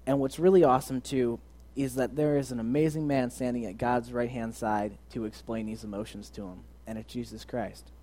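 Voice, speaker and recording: A young man giving a casual, earnest sermon, moving between loud emphasis and quiet, soft asides. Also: mid-range voice, steady tone, moderate pace, hardly any pauses. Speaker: preacher.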